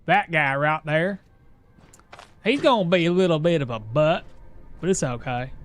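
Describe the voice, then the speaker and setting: A man's voice: a little high, lively intonation, moderate pace, fairly bright tone. A man putting on a goofy, bumbling Southern-drawl persona while playing a game, folksy and grumbling. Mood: scheming. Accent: put-on American Southern. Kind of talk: playful accent put-on during gameplay.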